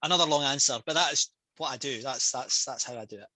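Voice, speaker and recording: A man's voice: mid-range voice, fast, no echo, rough recording. A man with a Scottish accent, a public speaker and trainer, talking casually and with passion on a video call over a headset. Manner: passionate, energetic storytelling.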